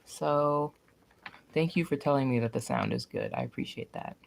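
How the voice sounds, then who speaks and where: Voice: medium pitch, normal speed, vocal fry, slight background noise. A young adult livestreamer chatting casually, rambling, swearing freely and getting giggly and flustered when reacting to old drawings.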